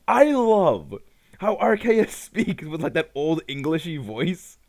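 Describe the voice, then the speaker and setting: A man giving casual live commentary on a game he plays, excitable and full of fillers and laughs. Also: on the high side, unhurried. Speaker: gaming streamer.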